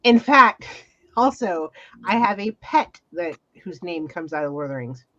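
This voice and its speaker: A woman's voice: fairly low pitch, sing-song, normal speed, bright, forceful tone, dull audio, soft background music. A woman co-hosting a livestreamed podcast in casual chat, chatty and laughing between remarks. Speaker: podcast co-host.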